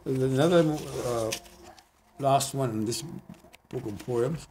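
A man, a poet, reading his own poems in an earnest, measured way, with hesitant spoken asides between them. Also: medium pitch, a little mellow, slight background noise. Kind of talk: poetry reading. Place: community TV studio.

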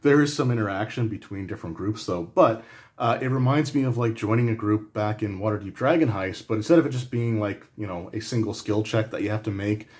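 A man's voice: fairly low pitch, brisk, darkish tone. A man giving a casual spoken review of a tabletop game book, talking loosely with frequent restarts and fillers. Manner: conversational, rambling with frequent restarts and "like".

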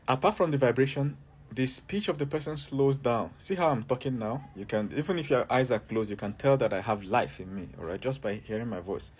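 A man's voice: mid-range voice, slightly rough. A man who works as a herbalist, giving health advice straight to camera in an emphatic, repetitive way and keeps asking the viewer to look and listen. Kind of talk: direct-to-camera advice video.

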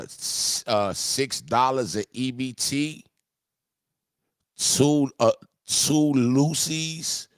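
A man hosting a live music review stream, joking with his chat in loose, profane banter, breaking into loud mock voices. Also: medium pitch, clear, resonant tone, no echo, studio quality.

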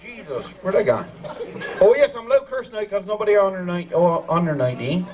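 A man with a Newfoundland accent emcees a live community ceremony, joking and teasing in broad dialect as comic patter. His high, slightly mellow voice swings widely in pitch and moves fairly quickly, and the muffled recording comes from a distant mic over a crowd.

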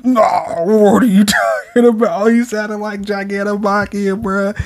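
A man's voice: high-pitched, flat delivery, unhurried. A young man casually reacting to a manga chapter, slangy, profane and joking as he reads it out. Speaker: manga reviewer.

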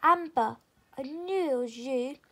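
A woman's voice: high voice, measured pace, darkish tone. A woman doing a joyful welcoming fairy girl.

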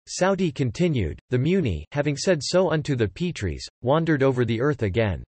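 A man narrating an ancient epic in a measured, formal reading. His pitch moves in a lively, expressive way. The sound is dry and close to the mic. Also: no room sound.

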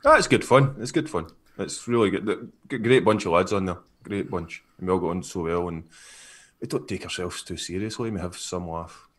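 A man's voice: sits low, fairly quick, a bit bright. A man with a Northern English accent in a casual live-stream chat, laid-back and sweary, often laughing. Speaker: co-host.

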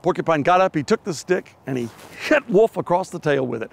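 A middle-aged male pastor tells a story in a lively, animated way. His voice swings widely and has a gravelly, creaky edge. He sits a touch higher than most men. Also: fairly quick, no room sound. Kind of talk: sermon with storytelling.

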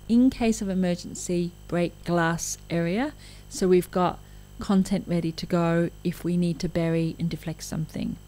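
A woman's voice: fairly low pitch, dark tone, poor audio. Frank woman giving a lecture. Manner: frank, conversational, with asides. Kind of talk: recorded lecture.

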